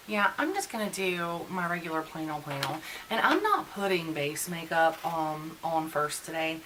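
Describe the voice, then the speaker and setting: A woman's voice: deep voice, animated, normal speed, few pauses, noisy background. A woman in her forties chatting casually and venting while doing a get-ready-with-me beauty vlog. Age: 40s. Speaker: beauty vlogger.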